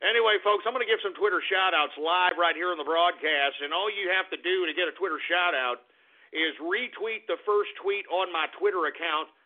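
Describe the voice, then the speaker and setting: Man, high voice, angry talk radio host, profane rant, tinny phone-like sound. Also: brisk. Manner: profane, shouting angry rants that drop to grumbling. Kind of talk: ranting political talk radio.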